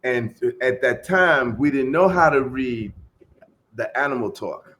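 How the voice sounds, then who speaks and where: A middle-aged man telling a long story as a podcast guest in a relaxed, casual way, trailing off into fillers and acting out the voices of the people in it. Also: mid-range voice, unhurried. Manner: laid-back, acts out quoted voices, trails off into fillers.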